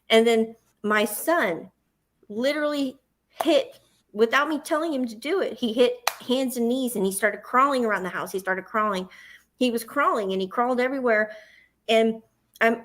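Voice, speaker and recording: Animated Southern woman telling a story. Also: fairly high pitch. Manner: animated storyteller, acting out her own panic in quotes. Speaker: host. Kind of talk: storytelling on a livestream chat.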